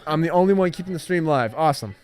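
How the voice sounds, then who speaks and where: A man's voice: a little high, animated, fast, crowd noise. A young man rambling through his made-up stories in a casual livestream chat, hesitant and full of fillers and restarts.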